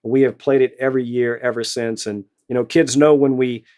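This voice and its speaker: A middle-aged man with a Louisiana accent, a retired high school band director telling stories in an interview, with many restarts and fillers. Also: fairly even intonation, fairly quick, warm tone. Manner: storytelling, many repeated words and fillers. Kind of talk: casual interview answers.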